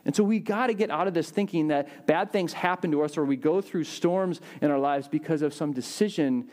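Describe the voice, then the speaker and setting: A young adult male pastor giving a casual, animated sermon, acting out voices with big jumps in pitch. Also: brisk.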